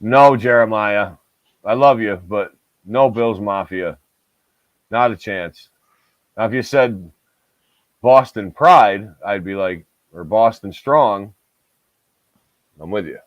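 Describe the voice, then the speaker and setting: Unhurried and given to long pauses, a man with a fairly low voice co-hosts a podcast, swearing and wandering through casual talk stuffed with filler words. He hails from New York's Southern Tier; the audio is dry, dull, and lo-fi.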